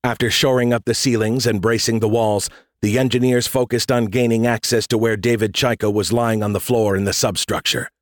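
Male audiobook narrator, measured storytelling delivery, mid pitch, dry booth sound. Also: steady tone, no room sound. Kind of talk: scripted narration.

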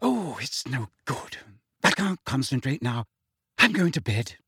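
A man voicing an indignant teenage schoolgirl, sharp and scolding, in an audiobook. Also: fairly high pitch, big pitch swings, normal speed, breathy edge, dry recording, studio quality, voice pushed up, heavily acted. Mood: curt. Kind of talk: audiobook character voice.

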